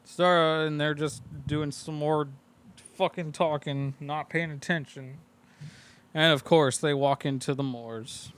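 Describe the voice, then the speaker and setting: A man's voice: fairly high pitch, steady tone, unhurried, smooth. A man co-hosting a podcast, casually recapping a movie and swearing a lot while acting out characters' lines. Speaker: podcast co-host.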